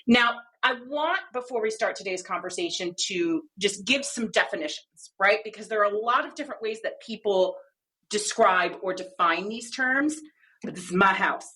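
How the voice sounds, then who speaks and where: A woman's voice: mid-range voice, animated, normal speed, pushed and bright. A woman co-hosting a podcast, explaining ideas in an emphatic, playful way with many rhetorical questions. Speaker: podcast co-host.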